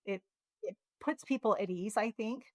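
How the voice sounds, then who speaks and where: A woman hosting a podcast, asking questions and sharing her own reflections in an encouraging, relaxed conversation. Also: mid-range voice, moderate pace, dry recording. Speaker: podcast host. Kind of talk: casual interview conversation.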